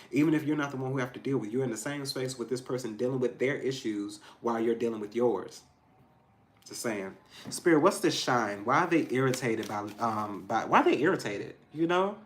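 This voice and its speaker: A man giving a casual tarot reading to his viewers, emphatic and frank, swinging between loud outbursts and low asides. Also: a little fast. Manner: frank and profane, addressing viewers directly. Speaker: tarot reader.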